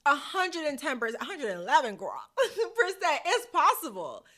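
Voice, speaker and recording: A woman's voice: high-pitched, very animated, normal speed, bright, forceful tone. A woman hosting a motivational podcast to camera, chatty and playful with sassy slang, laughing often. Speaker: podcast host. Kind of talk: casual motivational talk to camera. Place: hot room at home. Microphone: camera mic.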